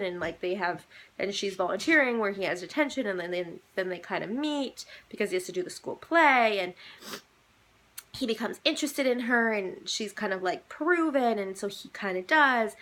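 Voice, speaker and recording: A woman's voice: mid-range voice, bright, forceful tone. A young woman vlogging in a casual, rambling chat, full of "like" and "um". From Canada. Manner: rambling, many "like"s and "um"s.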